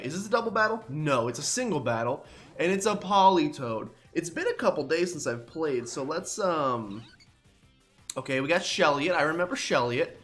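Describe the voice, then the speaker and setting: A young man commentating a game in a loose, rambling way, groggy and self-deprecating. His pitch is on the higher side and swings around a lot. Faint music plays under his talk. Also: sharp tone. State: groggy, just woke up. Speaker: let's play host. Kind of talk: casual gameplay commentary.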